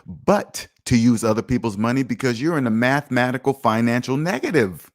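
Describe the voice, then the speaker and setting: Speaking fairly quickly at medium pitch, this man runs a finance livestream through a streaming mic. He sounds self-assured and emphatic, responding to comments in a casual way with lively shifts in loudness.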